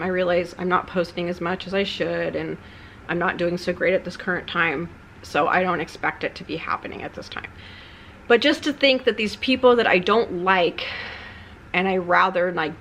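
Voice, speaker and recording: A woman with a somewhat low voice talks straight to camera in a personal vlog, rambling and candid. Her delivery is subdued and confessional, like she's letting the viewer in on hard things. A faint hiss of noise sits underneath. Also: a bit bright. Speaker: YouTuber.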